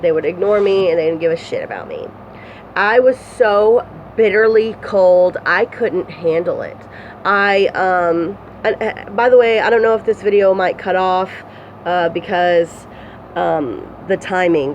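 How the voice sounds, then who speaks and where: A woman telling a personal story to her phone camera, rambling and candid, with many fillers, restarts and swearing. Her pitch climbs high when she relives distress. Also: slight background noise, poor audio. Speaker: vlogger.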